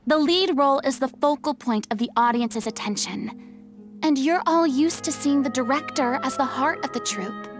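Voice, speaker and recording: Game role: woman as stern young diva, high voice, scolding but kind. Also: normal speed, lightly acted. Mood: earnest. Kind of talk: game voice acting. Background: game music.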